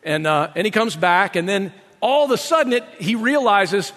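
A man's voice: high-pitched, animated, moderate pace, hardly any pauses, fairly bright tone, in a large hall. A male pastor preaching a sermon in a conversational, explanatory way, often checking in with 'right?'.

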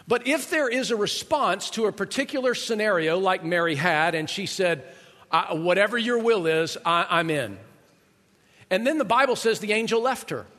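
In a long, reverberant hall, a middle-aged pastor gives a conversational sermon and regularly asks rhetorical questions of the congregation. His voice is high-pitched, bright and forceful.

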